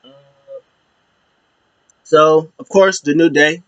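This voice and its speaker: A man's voice: on the high side, steady tone, slow, no echo, highs cut off. A man hosting his own show, giving a casual, rambling recap with many restarts. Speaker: show host.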